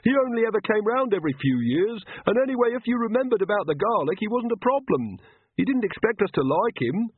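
A man's voice: high voice, sing-song, a little fast, husky, dry recording, narrow, tinny audio, voice pushed up, full character voice. A man voicing a polite, nervous young male villager in a raised, deferential voice.

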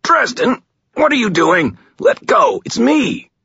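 A man's voice: very high-pitched, very animated, slow, creaky, bright, forceful tone, husky, dry recording, highs cut off, pitched above the performer's own voice, exaggerated voice. A man voicing a young man pinned down in pain, stammering and pleading. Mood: panicked, pained.

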